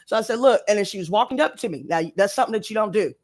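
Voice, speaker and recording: A woman's voice: medium pitch, expressive, very fast. A woman telling a story to her live-stream audience in casual chat, emphatic and profane as she rants. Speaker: tarot reader live-streaming.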